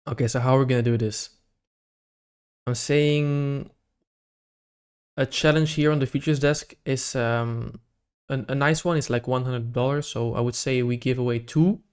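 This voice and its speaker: A young man with a clean, mid-range voice chats with viewers on a casual live stream. He's running a giveaway and reads out their names one at a time.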